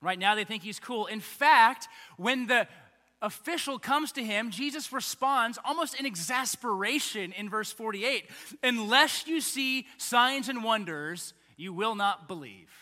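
A man preaching a conversational, animated sermon as pastor, acting out little voices along the way. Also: very high-pitched, a little slow. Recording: long hall reverb.

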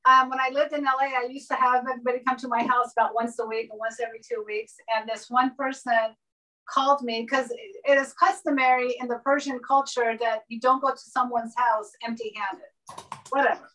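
Animated woman telling a story over a video call. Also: on the high side, fairly quick. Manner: animated, acts out quoted dialogue. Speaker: guest. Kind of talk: casual storytelling interview. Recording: voice somewhat distant from mic.

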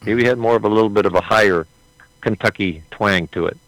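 Earnest low-voiced man, dry sound. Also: a little fast, a bit bright, no echo, rough recording. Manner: earnest, storytelling, with hesitant restarts. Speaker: actor portraying Lincoln, interview guest. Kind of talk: casual interview answers.

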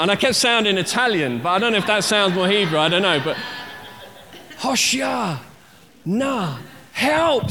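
A man's voice: high voice, bright, forceful tone, long reverb tail. A man giving a sermon as a pastor, teaching a word study with acted-out cries and repeated phrases.

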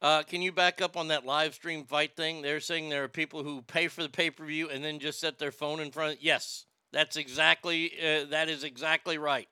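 Male stream host, profane ranting chat; smooth, clear voice, dry close sound. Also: fairly high pitch, bright, forceful tone, no echo. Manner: ranting, profane, reads viewer comments aloud. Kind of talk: casual live stream chat.

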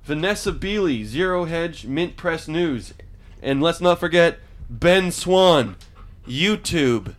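A man's voice: a little high, expressive, slow. A man hosting a comedy podcast, reading out a list with wry asides in casual chat. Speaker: podcast host.

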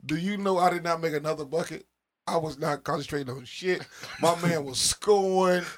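A man's voice: fairly high pitch, moderate pace, slight background noise. A man, telling a long, profane street story to friends and acting out the dialogue. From Chicago. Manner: animated, profane, acts out dialogue with laughs. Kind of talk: casual group chat, storytelling.

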